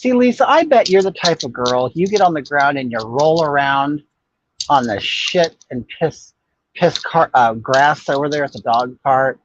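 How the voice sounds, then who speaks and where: A man's voice: fairly high pitch, animated, normal speed, slight background noise. An older man hosting a casual livestream chat, talking in a sassy, blunt, gossipy way and answering viewers' comments. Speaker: livestream host. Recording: dull, muffled dry audio.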